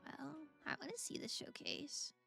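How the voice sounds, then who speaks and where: A woman's voice: normal speed, pushed and bright, soft background music. A young woman streaming a game, chatting casually with viewers, gushing and giggling often. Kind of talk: casual gameplay chat, reacting to viewers.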